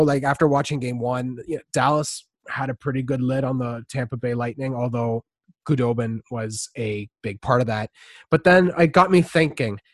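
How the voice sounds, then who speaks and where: A man's voice: mid-range voice, no room sound. A man co-hosting a casual sports podcast, rambling and restarting his sentences. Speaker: podcast co-host.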